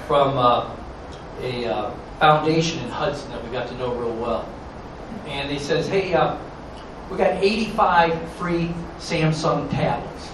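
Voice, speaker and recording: A man's voice: on the high side, background noise. Earnest man presenting in an echoey room. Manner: storytelling, folksy and earnest. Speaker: charity presenter. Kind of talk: presentation to an audience. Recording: echoey room with faint ambience.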